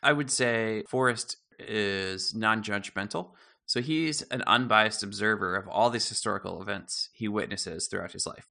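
A podcast co-host with a creaky, fairly low voice keeps the chat casual. He tells stories in an easygoing manner and breaks into laughter often.

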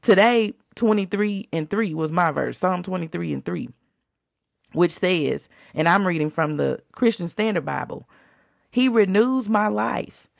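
A woman hosts a faith podcast in a fervent, preacherly, down-to-earth style. Her voice sits low with a gravelly edge, and the sound is close and dry. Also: moderate pace, dry recording. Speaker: podcast host.

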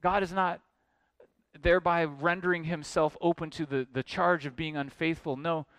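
A man's voice: a little high, fairly even intonation, normal speed, a bit bright, dry recording. A man preaching an expository sermon as pastor, earnest, building to emphatic questions.

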